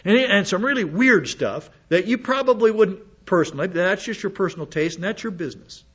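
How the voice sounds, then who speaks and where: High-voiced man teaching from scripture. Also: animated, fairly quick, a bit bright, slightly rough, lo-fi sound. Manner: conversational, asides to the congregation. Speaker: preacher. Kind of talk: Bible teaching sermon.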